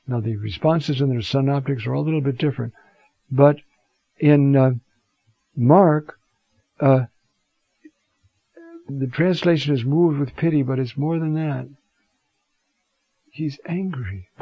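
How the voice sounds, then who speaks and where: Slow, husky-voiced man teaching Scripture. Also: mid-range voice, no room sound, lo-fi sound. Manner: unhurried and reflective, pausing often to look up verses. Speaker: Bible teacher.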